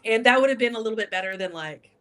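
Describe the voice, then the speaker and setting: A woman's voice: a little high, animated, fast talker, heavy background noise. A woman guest on a talk show, telling a story casually, acting out quotes and laughing often. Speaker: guest, drag king entertainer.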